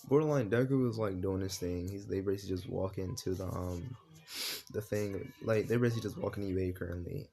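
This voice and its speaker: A man's voice: lowish voice, mellow, a little hiss or hum. A man improvising a fan story while playing a game, rambling casually with lots of fillers and swearing.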